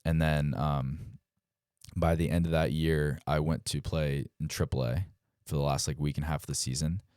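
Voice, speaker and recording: A young man from Delaware, a professional ballplayer, telling stories in a relaxed way, full of "like" and "um". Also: a bass voice, normal speed, clean tone, no room sound, clean studio sound. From Delaware, United States. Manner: relaxed, heavy use of "like" and "um", acts out quotes. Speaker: guest, professional baseball player. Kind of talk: casual storytelling interview.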